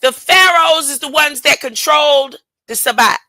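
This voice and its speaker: A woman's voice: sits high, moderate pace, bright, forceful tone, no echo, poor audio. A woman preaching an informal Bible lesson, acting out characters in casual speech and often laughing. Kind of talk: informal sermon with storytelling.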